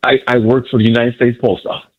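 Excited man on a muffled phone line. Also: medium pitch, quick pace. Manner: exuberant, repetitive, stumbling fan. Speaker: caller. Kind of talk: excited sports radio call-in. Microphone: phone from a car.

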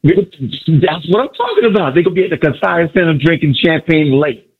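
A male caller phoning a sports radio show, excitedly boasting about his team and repeating himself. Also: a little high, moderate pace, breathy edge, phone-quality sound.

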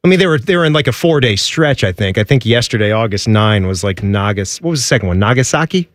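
Chatty man with lively pitch. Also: fast talker, no echo, studio quality. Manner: conversational, trailing fillers like "like". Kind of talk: casual chat.

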